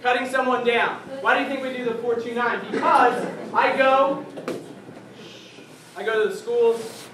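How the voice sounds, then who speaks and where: A man from New Jersey giving a youth talk, animated, acting out little scenes and swinging from quiet asides to sudden shouts. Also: very high voice, measured pace, pauses often, crowd noise. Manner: animated, acts out quoted voices, swings from soft asides to shouts. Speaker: youth speaker. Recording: echoey hall, distant mic, audience noise.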